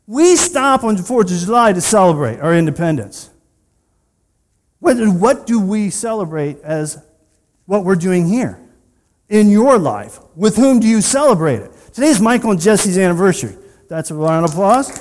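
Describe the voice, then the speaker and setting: A male pastor preaching a sermon in a conversational way, with personal asides and rhetorical questions. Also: high-pitched. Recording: long reverb of a large hall.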